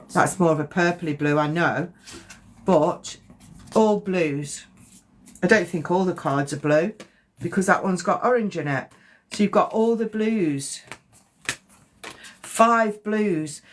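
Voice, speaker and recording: A woman's voice: lowish voice, slow pace, long pauses. A woman giving a chatty, rambling psychic card reading on a live stream. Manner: chatty, rambling, self-correcting.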